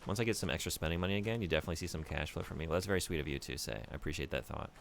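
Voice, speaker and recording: A man streaming a video game, casually chatting with viewers in an animated, rambling way. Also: low-pitched, very fast, creaky, slight background noise. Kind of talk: casual gameplay commentary.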